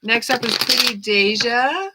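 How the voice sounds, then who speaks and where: A woman's voice: a little high, expressive, a little slow, heavy background noise. A woman giving live-stream tarot readings, chatting casually with viewers, thanking them by name and laughing often. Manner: chatty, reads chat names aloud, laughs often. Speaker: tarot reader.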